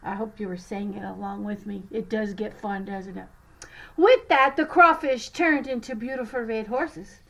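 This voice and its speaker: A woman teacher reading a picture book aloud to children, expressive and sometimes stumbling over French words. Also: mid-range voice, normal speed, creaky, rough recording.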